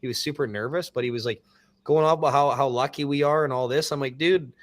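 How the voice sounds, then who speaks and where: A man's voice: medium pitch, steady tone, quick pace, no room sound. A man talking as a guest on a casual livestream, telling stories in a rambling, exasperated way. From Canada.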